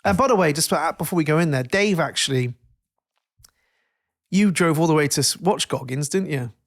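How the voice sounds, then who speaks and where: Animated, swearing man in his thirties. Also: fairly high pitch, normal speed. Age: 30s. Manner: animated, swearing, acts out quotes with voices. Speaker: podcast host. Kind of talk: casual chat.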